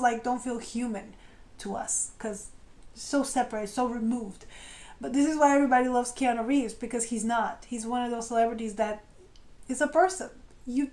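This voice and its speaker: Woman doing a tarot pick-a-card reading, kinda high voice, chatty, acts out the feelings, laughs and trails off a lot. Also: darkish tone. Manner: often laughs and trails off mid-sentence. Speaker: tarot reader. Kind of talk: intuitive tarot reading to camera.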